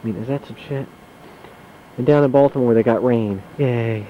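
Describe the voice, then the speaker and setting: A man narrates his own home video in a chatty, wry way and curses mildly as he goes. His voice sits at a medium pitch and has a mellow tone. It is recorded on a handheld camcorder outdoors in deep mountain snow. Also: normal speed, slight background noise, low-quality recording. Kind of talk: casual narration while filming.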